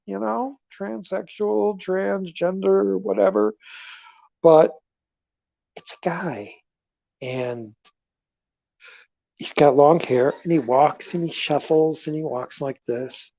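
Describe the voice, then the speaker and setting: A man hosting a casual livestream, rambling through stories with animated swings between loud remarks and murmured asides. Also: a little high, slow pace, vocal fry, long pauses, no room sound. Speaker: livestream host. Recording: dull lo-fi livestream audio.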